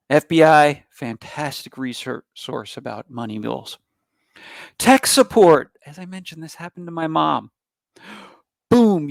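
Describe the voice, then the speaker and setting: A man giving a cybersecurity talk in an emphatic, animated manner, with bursts of loud stress. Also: mid-range voice, gravelly, dry recording, clean studio sound. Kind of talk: public presentation.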